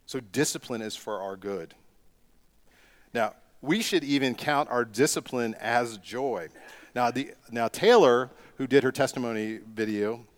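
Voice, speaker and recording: A middle-aged male pastor preaches a sermon at a medium pitch. He leans on rhetorical questions and pushes into emphatic bursts for his key points.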